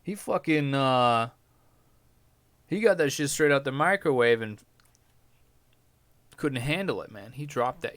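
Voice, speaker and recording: A man's voice: mid-range voice, animated, measured pace, pauses often, a bit bright, no echo. A young man hosting a podcast, reading news stories aloud and reacting with crude, irreverent jokes. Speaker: podcast host.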